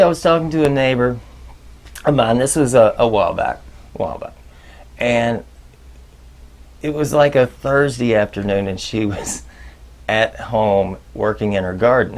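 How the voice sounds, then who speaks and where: A man hosting a leadership advice video, talking casually and jokingly, with loud bursts and muttered asides. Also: fairly low pitch, expressive, normal speed. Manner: chatty, jokey, swings between loud bursts and muttered asides.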